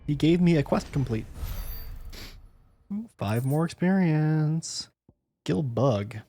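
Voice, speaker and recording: A man's voice: a little high, lively intonation, slow, mellow. A man doing casual, joking, profane commentary while streaming a game, sleepy and yawning.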